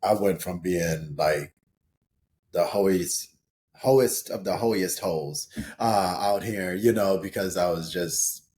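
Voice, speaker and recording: Deep-voiced rambling middle-aged man. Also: slow pace, a little mellow. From St. Paul, Minnesota, USA. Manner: rambling, full of "you know" and restarts, laughs as he tells stories. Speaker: podcast guest. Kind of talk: casual interview storytelling.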